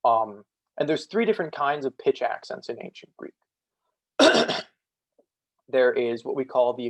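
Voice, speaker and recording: A young man giving a casual student presentation over a video call, full of fillers, slowing to demonstrate sounds. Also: mid-range voice, no room sound, poor audio. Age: young adult. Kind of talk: online lecture on ancient Greek pronunciation.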